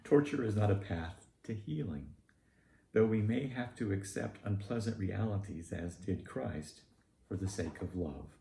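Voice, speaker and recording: Preaching with a Southern US accent, this low-pitched man sounds animated and shows vocal fry, his emphasis deliberate and pointed. The voice is mellow and dark, captured in an echoey, roomy space with a slight hum in the background.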